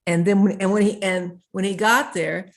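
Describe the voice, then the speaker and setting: A woman with a medium-pitched voice speaks at a moderate pace with fairly even intonation as an interview guest. She earnestly tells a story, joining her clauses with repeated "and."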